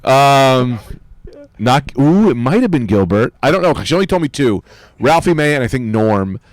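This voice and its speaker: A man's voice: mid-range voice, very animated, normal speed, dry recording. Middle-aged comedian guy riffing crude jokes on a podcast, voice bouncing all over. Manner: crude, riffing, joking storytelling. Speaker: guest comedian. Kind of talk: casual podcast chat.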